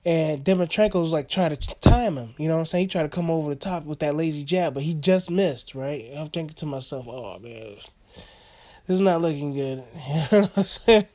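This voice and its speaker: A man's voice: fairly high pitch, fast talker, a little mellow. A man casually recapping a boxing fight in rambling, slangy talk full of fillers and chuckles.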